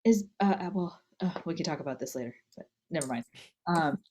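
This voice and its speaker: A woman's voice: deep voice, lively intonation, brisk, warm tone, a little hiss or hum. A young woman co-hosting a casual chat, rambling and laughing often as she talks. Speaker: podcast co-host.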